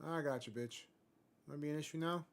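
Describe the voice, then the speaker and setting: A young man streaming a video game, talking casually in a brash, profane, jokey way that swings between muttering and loud outbursts. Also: on the high side, quick pace. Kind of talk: casual live-stream commentary.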